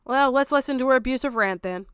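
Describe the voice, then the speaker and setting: A woman's voice: sits high, fast talker, a bit bright, smooth, no room sound. A woman streamer, not from America, giving blunt, profane and exasperated reaction commentary. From outside America.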